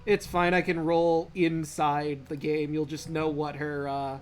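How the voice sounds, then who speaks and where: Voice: mid-range voice, flat delivery, measured pace. A game master casually narrating a tabletop game, easygoing and rambling, thinking aloud as the scene runs.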